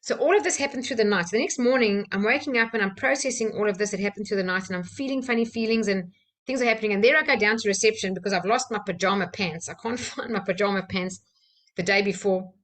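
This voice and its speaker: A woman, a personal-development trainer from South Africa, telling a candid personal story with soft laughs and fillers. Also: mid-range voice, quick pace.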